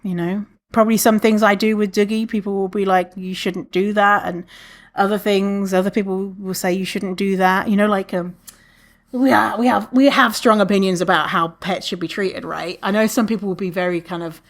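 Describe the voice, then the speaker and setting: A woman hosting a podcast alone, chatting casually, swearing freely and laughing often, with many restarts. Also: normal speed. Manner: animated, lots of restarts, acts out quotes in a higher voice. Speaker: podcast host. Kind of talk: casual solo podcast talk.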